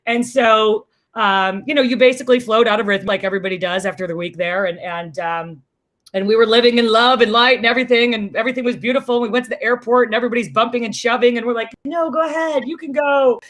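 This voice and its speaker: A woman from a small town outside Chicago telling a story in casual chat, lively and joking, acting out the other people's voices. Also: fairly high pitch, fast talker. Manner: animated, acts out quoted voices, self-described jokester. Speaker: interview guest.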